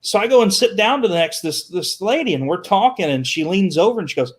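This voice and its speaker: High-pitched guy telling funny stories on a show, animated, keeps repeating himself and doing the voices of people he quotes. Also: quick pace. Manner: lively, repeats words, acts out quotes. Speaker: guest, children's entertainer. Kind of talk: animated storytelling.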